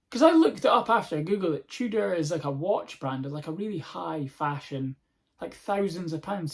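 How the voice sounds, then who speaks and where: A Scottish man hosting a podcast, telling a comic story in a sweary, animated, rambling way. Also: a little high. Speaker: podcast host. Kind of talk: comedic storytelling monologue.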